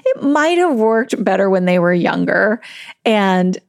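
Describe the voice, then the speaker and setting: A woman's voice: mid-range voice, big pitch swings, measured pace, creaky, dry recording, clean studio sound. A woman parenting coach talking in a conversational solo podcast monologue, often laughing and acting out a parent's inner thoughts.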